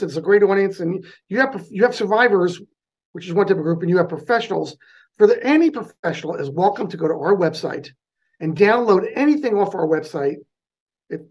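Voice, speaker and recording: A fast-talking man with a clear New Jersey accent, speaking as an interview guest. His voice is gravelly and slightly husky, and he runs his sentences together with lively energy. He sounds like he is on a remote interview mic. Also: sits high, dull audio. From North New Jersey. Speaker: guest, charity president. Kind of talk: casual interview.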